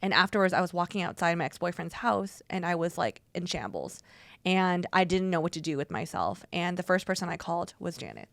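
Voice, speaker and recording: A woman co-hosting a podcast, talking in an emotional, halting way with many restarts. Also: lowish voice, sing-song, creaky, fairly bright tone, no echo. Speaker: podcast co-host. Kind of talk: heartfelt casual podcast chat.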